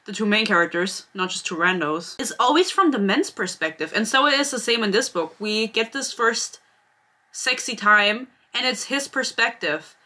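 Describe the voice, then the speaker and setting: Woman, book review vlog, sarcastic, giggly, fairly high voice, crisp bright tone.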